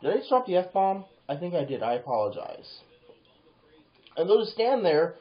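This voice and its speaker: A man giving advice in a casual monologue, animated and rambling, breaking into quoted voices and swearing now and then. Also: sits high, moderate pace. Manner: animated, acts out quoted lines in bursts, swears; rambling with restarts and fillers. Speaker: vlogger. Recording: roomy, dull lo-fi home video.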